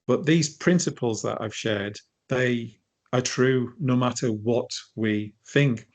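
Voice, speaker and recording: A man's voice: medium pitch, slow pace. Guy mid-interview, tells stories with lots of energy, trips over his words a bit. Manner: animated storytelling, frequent restarts. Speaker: interview guest, coach. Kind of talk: conversational interview.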